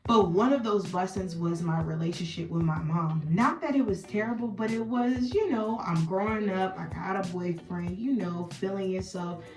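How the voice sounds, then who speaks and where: A young adult woman telling a casual storytime, chatty and animated, acting out the dialogue as she goes. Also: mid-range voice, moderate pace, few pauses. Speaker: vlogger. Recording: echoey room, faint music.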